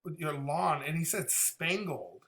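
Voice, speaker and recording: A man talks through a song's lyrics in a loose, casual way, working out their meaning as he goes. His voice is bright and sits a little high. He laughs often and drops casual swears. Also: big pitch swings, measured pace, slight background noise. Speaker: reaction video host. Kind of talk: casual song reaction commentary.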